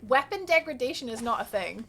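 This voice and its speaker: Bubbly high-voiced woman streamer. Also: very animated, fairly quick, a bit bright, a little hiss or hum. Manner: chatty and bubbly, answers chat by name, laughs often. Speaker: livestreamer. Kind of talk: casual live gameplay commentary.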